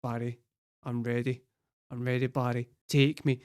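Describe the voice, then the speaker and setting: A Scottish man voicing a giddy, eager young woman singer in a squeaky, breathy put-on voice. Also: sing-song, moderate pace, darkish tone, dry recording, studio quality.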